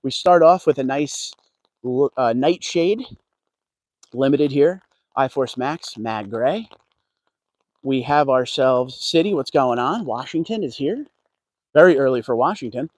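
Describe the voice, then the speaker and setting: A man's voice: medium pitch, animated, measured pace, pauses often, a little mellow, dry recording. A man walking a dealership lot on a casual livestream, chatting with viewers and greeting them by name. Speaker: car vlogger. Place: outdoors at a car dealership lot.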